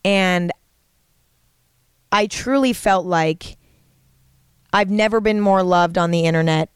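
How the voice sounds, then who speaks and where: A woman's voice: fairly low pitch, slow, clear, resonant tone, no echo, studio quality. A woman hosting a podcast, talking in a casual, earnest and rambling way, full of fillers and restarts. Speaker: podcast host. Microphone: studio microphone.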